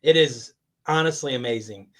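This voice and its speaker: A college athletics communications director appears as a guest on a sports podcast, chatting enthusiastically in a casual interview and laughing often. His voice is medium-pitched and fairly bright, at a normal pace.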